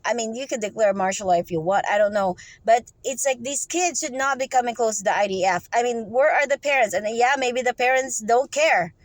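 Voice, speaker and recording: A woman with a fairly high voice, recorded dry and close. She gives advice off the cuff in a rambling, instructive way, often breaking off and asking "okay?" before going on. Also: fairly quick, hardly any pauses, no echo, rough recording. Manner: rambling and instructive, with frequent "okay?" check-ins; restarts and trails off mid-sentence. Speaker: vlogger giving advice. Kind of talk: unscripted advice monologue.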